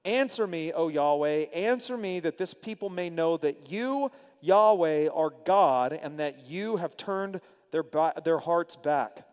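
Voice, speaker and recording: A man's voice: fairly high pitch, animated, a little slow, clean tone, in a large hall. A man voicing a bold, defiant male prophet as he reads scripture aloud, proclaiming and sometimes mocking. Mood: pleading.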